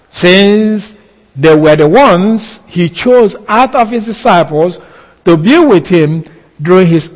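A man delivers a Bible teaching at an unhurried, deliberate pace, his voice sitting a little high for a man. He leans on key phrases by saying them twice. His words ring out with a long reverb from the hall. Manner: slow, deliberate, repeating key phrases for emphasis. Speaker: preacher. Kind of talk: expository sermon.

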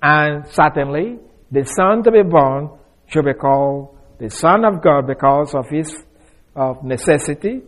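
A man teaching through a Bible passage verse by verse, leaning hard on key words and dropping to a quiet aside, often restarting his phrases. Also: fairly high pitch, animated, measured pace. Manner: emphatic, stretches key words, swings from loud to soft. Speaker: preacher.

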